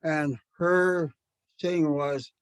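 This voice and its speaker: A man's voice: fairly high pitch, fairly even intonation, drawn-out words, clear, resonant tone, dry recording. A man teaching a language class to educators, speaking thoughtfully with many fillers and restarts. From Canada.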